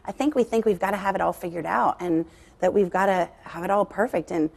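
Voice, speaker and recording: A woman's voice: on the low side, a little fast, gravelly, a little mellow. Woman guest telling a personal faith story, earnest and confiding, lots of ums. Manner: earnest and confiding, with frequent fillers. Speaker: guest author. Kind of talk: candid faith conversation.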